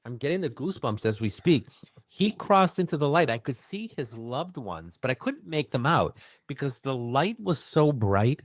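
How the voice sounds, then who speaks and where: A man who works as a medium, telling a personal story in an expressive, emphatic way during a conversation. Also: medium pitch, no echo, clean studio sound. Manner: expressive, emphatic, with bursts of fast speech. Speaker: medium recounting his experiences.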